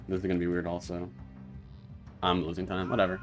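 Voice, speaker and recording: A young man commenting on his own live speedrun, mostly muttering quiet asides and sometimes swearing loudly. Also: deep voice, monotone, fast talker, soft background music. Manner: quiet, mumbled asides with sudden loud frustrated swearing. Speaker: speedrunner streaming his run.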